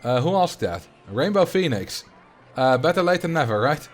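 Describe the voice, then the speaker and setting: A man's voice: a little high, very animated, moderate pace, faint music behind. A man with a Dutch accent chatting casually as a streamer while playing a game, rambling and answering viewer questions.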